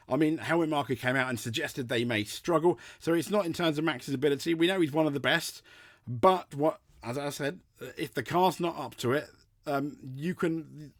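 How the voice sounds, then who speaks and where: A man's voice: mid-range voice, no echo, clean studio sound. A man hosting a motorsport show, giving a casual race preview and often restarting and repeating his phrases as he talks. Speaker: motorsport podcast host.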